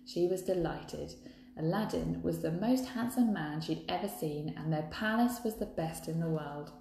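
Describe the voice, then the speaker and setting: A woman's voice: sits low, moderate pace, vocal fry, dark tone, a little hiss or hum. A woman reading a children's book aloud, breaking off for chatty asides to viewers. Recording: echoey room, faint ambience.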